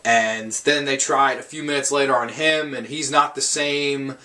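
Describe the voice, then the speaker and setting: A man's voice: medium pitch, steady tone, moderate pace, bright, forceful tone. A man giving a casual, rambling film review, swearing often and restarting his sentences. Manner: rambling, profane, frequent restarts.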